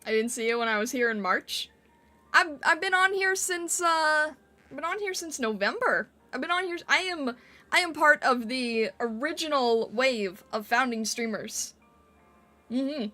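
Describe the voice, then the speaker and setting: A high, bright-voiced woman chatting on a live stream, laughing easily as she reacts to her chat. She talks in a casual, playful way, with soft music running faintly behind her. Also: animated, measured pace.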